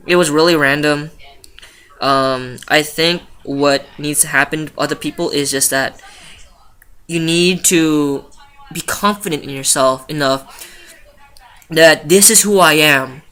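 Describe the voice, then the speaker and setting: Late-teen male vlogger, bright and punchy tone, chatty and loose, profane. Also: a little high, fairly even intonation, a little slow, pauses often, smooth. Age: late teens. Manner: chatty, rambling, swears freely, lots of fillers. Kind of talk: casual confessional vlog.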